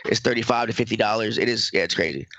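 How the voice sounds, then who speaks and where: A man co-hosting a podcast, throwing in quick wisecracks. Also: fairly low pitch, sharp tone, no echo. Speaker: podcast co-host. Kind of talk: casual chat. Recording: dull lo-fi mic.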